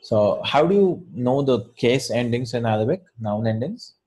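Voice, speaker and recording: Husky man teaching Arabic casually. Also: mid-range voice, darkish tone. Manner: informal, repeats words, asks "right?" often. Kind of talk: casual online lesson.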